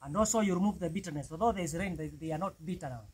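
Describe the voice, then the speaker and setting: High-voiced Kenyan man vlogging outdoors. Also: racing, darkish tone, slightly rough, poor audio. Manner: chatty, repeats "man" often. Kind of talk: casual cooking vlog. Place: outdoors in a village, cooking on a wood fire.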